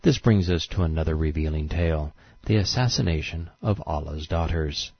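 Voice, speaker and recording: Male documentary narrator, very deep, sarcastic and scornful, dull dry audio. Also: normal speed, husky, dry recording. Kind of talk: scripted narration.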